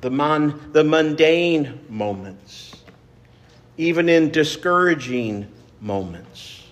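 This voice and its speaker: A man preaching a sermon as pastor, earnest and measured, repeating phrases for emphasis. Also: on the high side, animated.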